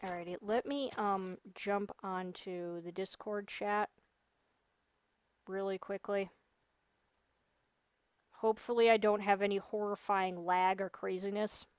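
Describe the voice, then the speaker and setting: A woman's voice: medium pitch, fairly even intonation, unhurried, long pauses, smooth, no room sound. Chatty woman venting while streaming. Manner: chatty, venting, repeats points with emphasis. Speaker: gaming livestreamer. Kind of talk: casual chat while streaming a game.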